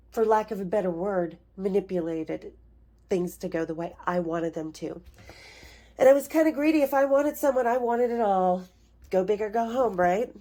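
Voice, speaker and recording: Mellow-voiced woman reading her memoir. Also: mid-range voice. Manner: frank, playful, breaks off to talk to viewers. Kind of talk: memoir reading with chatty asides.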